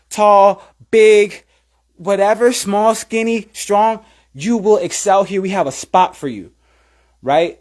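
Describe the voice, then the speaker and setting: A man in his thirties, a cheer coach, telling an energetic story and acting out his own thoughts in high voices. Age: 30s. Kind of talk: animated storytelling.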